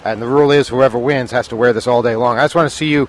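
Traffic rumbles from the busy street beneath the hotel balcony where this male co-host jokes around in casual chat. He speaks rapid-fire in a mid-range voice with fairly even intonation, chatty and quick to laugh.

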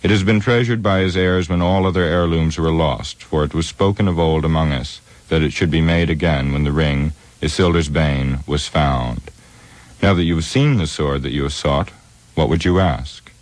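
Aragorn, grave ranger, read by a deep-voiced man. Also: dry recording. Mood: solemn. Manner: measured, solemn. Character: weathered grave male ranger, heir of kings. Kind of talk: audiobook character reading.

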